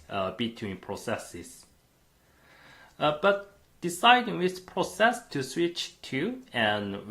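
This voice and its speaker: A man's voice: medium pitch, fairly bright tone. A man lecturing a university class on computing, explaining step by step with frequent "uh" fillers.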